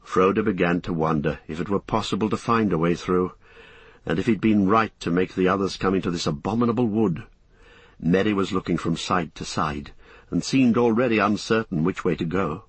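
A man narrating an audiobook in a measured, descriptive reading. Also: deep voice, husky, no echo.

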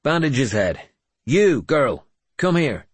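A man doing a snarling, gruff warrior captain. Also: mid-range voice, sing-song, slow pace, dry recording, pitched above the performer's own voice, exaggerated voice. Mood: gruff, commanding. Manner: snarling, barking orders. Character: gruff male warrior captain, blunt and commanding. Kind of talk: audiobook character voice.

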